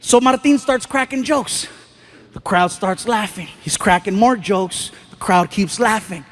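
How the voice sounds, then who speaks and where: High-voiced, animated stand-up comedian. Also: male voice, a little slow, a little hiss or hum. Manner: animated storytelling, loud bursts. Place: stage before a live audience.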